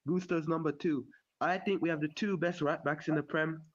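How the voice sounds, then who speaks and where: A man's voice: on the high side, fairly even intonation, normal speed, lo-fi sound. A man giving blunt, enthusiastic football fan opinions on a call, repeating his praise words. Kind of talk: casual fan commentary.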